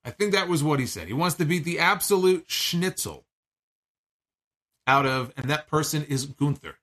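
A man's voice: fairly high pitch, animated, normal speed, sharp tone. A man giving a chatty, digressive recap of a wrestling show, speaking casually and acting out the lines he quotes.

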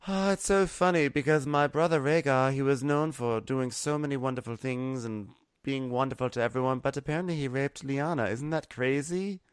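A man's voice: mid-range voice, normal speed, few pauses, clear, resonant tone, no echo, pitched above the performer's own voice, close to an everyday voice. A man doing a mock-sweet Daenerys in a lifted voice. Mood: sarcastic. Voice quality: sing-song, mocking. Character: haughty queen, woman, mock-sweet.

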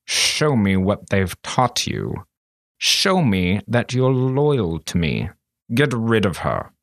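A man reading aloud and voicing a menacing male sorcerer who speaks slowly and coldly to his servant. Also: medium pitch, very animated, fairly bright tone, no echo, studio quality. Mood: dark, cold. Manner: slow, silky and threatening. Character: cold, menacing older male sorcerer master.

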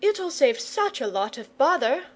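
A woman's voice: high voice, big pitch swings, voice pushed up. A woman voicing an eager, bossy young boy in a storybook reading. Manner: brisk and impatient.

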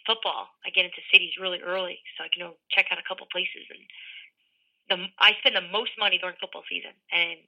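A woman's voice: fairly low pitch, steady tone. Chatty woman on a muffled phone line. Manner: chatty, self-deprecating, quick to laugh. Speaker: football reporter. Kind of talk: casual phone interview.

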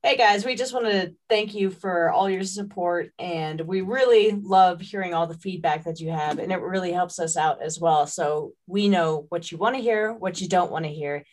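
A woman co-hosting a casual podcast with a smooth radio-like voice, friendly and upbeat, on a headset over a video call. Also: lowish voice, moderate pace, hardly any pauses, darkish tone. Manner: friendly, upbeat, thanking listeners. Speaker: podcast co-host.

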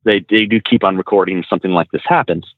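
A man who trains truck drivers, a podcast guest, telling road stories in casual, animated talk that is loose with swearing and slang like "bro". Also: deep voice, quick pace, no echo. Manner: animated, swears freely, says "bro" and "dude". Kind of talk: casual storytelling in an interview. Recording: dry, tinny phone-like sound.

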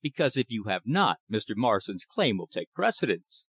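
A man's voice: fairly low pitch, big pitch swings, normal speed, fairly bright tone, slightly rough, no room sound, full character voice. A man reading the part of a polite government clerk who speaks delicately and respectfully.

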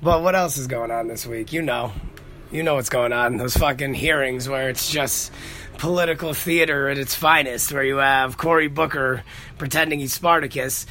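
A man's voice: medium pitch, fairly even intonation, moderate pace, pushed and bright, a little hiss or hum. A man, hosting a casual podcast monologue and telling rambling, profane stories. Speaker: podcast host.

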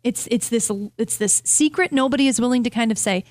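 A woman's voice: on the high side, brisk, no echo. A woman co-hosting a casual chat, talking candidly and self-deprecatingly about work and motherhood. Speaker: co-host.

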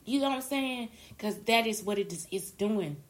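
A woman's voice: medium pitch, animated, moderate pace. A woman talking in a rambling, slangy casual monologue, often breaking into laughter and tears.

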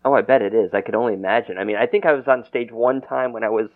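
A man hosting a casual radio interview, halting and repeating words, laughing easily. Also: mid-range voice. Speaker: radio show host. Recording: tinny dry phone-band audio.

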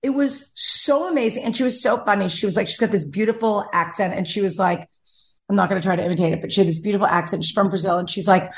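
Here a young adult woman hosts an easygoing conversation, talking at a quick pace in a mid-range voice. She spins a rambling, chatty story and acts out the quotes of the people in it.

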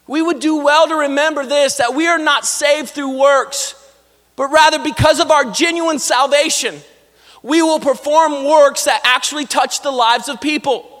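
A man's voice: very high-pitched, normal speed, fairly bright tone. A man pastor preaching a sermon in a church, talking to the congregation with casual asides. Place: church sanctuary. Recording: long hall reverb.

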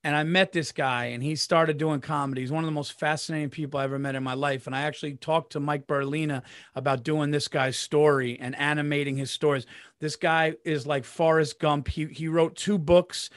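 A man hosting a podcast, telling an excited story in casual chat, saying "dude" and restarting sentences. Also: on the high side, a little fast, dry recording, studio quality. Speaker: podcast host.

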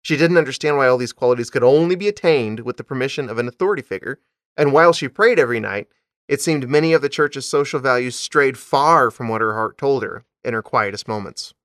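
A man's voice: medium pitch, fast, a bit bright, dry recording. Man reading a story aloud, dry sound. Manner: reads with dramatic emphasis, breaks off to joke. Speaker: podcast host reading a story. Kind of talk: comedic dramatic reading with banter.

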